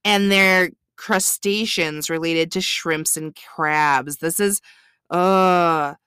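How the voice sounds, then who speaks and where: A woman's voice: on the low side, steady tone, takes it slowly, pushed and bright, clear, resonant tone, no echo, clean studio sound. A woman co-hosting a podcast in casual chat, blunt and swearing freely. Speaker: podcast co-host.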